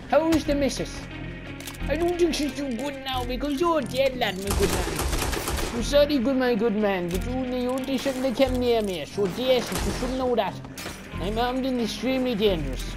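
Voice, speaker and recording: A man's voice: very high voice, normal speed. A man voicing a rowdy, drunken Irish brawler with a put-on Irish accent, slurring and rambling over game music. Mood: belligerent. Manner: slurred, belligerent, rambling about drink. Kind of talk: gameplay commentary in a put-on voice.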